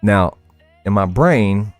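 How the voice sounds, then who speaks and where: A young American man talks loosely through a livestream, rambling from one story to the next and tossing in "bro" and swear words. His voice sits low and deep, close and dry on the mic, with faint game music behind him. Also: lively intonation, takes it slowly, dry recording. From United States. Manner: rambling, profane, says "bro" a lot. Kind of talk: casual chat while gaming.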